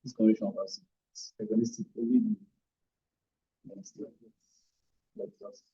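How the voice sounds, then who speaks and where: A man leads a hands-on physiotherapy demonstration, calling out brief commands between explanations. His voice is dark and husky, and the recording sounds dull and lo-fi in a teaching room. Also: fairly low pitch, flat delivery, moderate pace. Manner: short commands mixed with explanations. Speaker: physiotherapy instructor. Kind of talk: hands-on demonstration with verbal cues.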